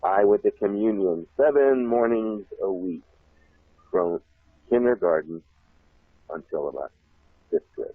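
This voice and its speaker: Deep husky man on a phone line. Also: unhurried, pauses often, no echo. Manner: laughs often, repeats himself, animated. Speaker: guest. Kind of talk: rambling personal storytelling. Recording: tinny phone line, dry.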